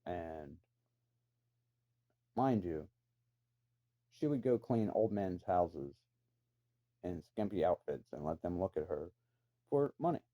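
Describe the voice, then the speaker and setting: Speaking low, slowly and animatedly with frequent pauses, a man rambles through a personal story. He swears freely and drops in incredulous asides, and the recording is dull and lo-fi.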